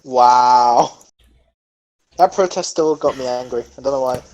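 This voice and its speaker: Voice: medium pitch, unhurried, darkish tone, dull audio. A co-host in a casual podcast chat, giggly and jokey.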